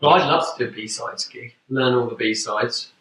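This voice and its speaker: Bright-voiced man, roomy and distant. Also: mid-range voice, moderate pace. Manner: jokey, self-mocking. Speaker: band member. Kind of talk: casual chat. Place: backstage room at a venue.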